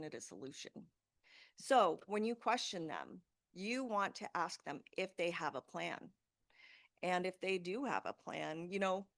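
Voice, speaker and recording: A woman's voice: fairly low pitch, a bit bright, no room sound, studio quality. A woman in her thirties giving an informal presentation to a group, talking casually and conversationally with frequent fillers. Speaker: safety talk presenter.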